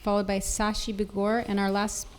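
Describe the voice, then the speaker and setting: A woman chairing a meeting, briskly calling up the next speakers. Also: medium pitch, flat delivery. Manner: brisk, procedural. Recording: crowded hall, noisy room.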